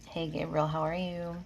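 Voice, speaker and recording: A woman from New York with a slight Southern drawl speaks in a low, gravelly voice. She chats easily with live-stream viewers, answering comments one after another and laughing often. The recording carries a faint hum of room noise. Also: a little mellow. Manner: chatty, laughs often, drifts between comments. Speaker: reiki healer hosting a live stream. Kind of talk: casual live-stream chat, reading comments. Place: home room with air conditioning.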